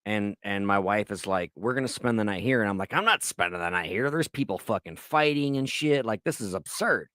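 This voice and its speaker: A man's voice: fairly low pitch, expressive, a little fast, few pauses, fairly bright tone, no room sound, clean studio sound. A man in his thirties co-hosting a podcast, telling rambling stories full of swearing in casual chat. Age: 30s. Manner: profane, rambling storyteller. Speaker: podcast co-host.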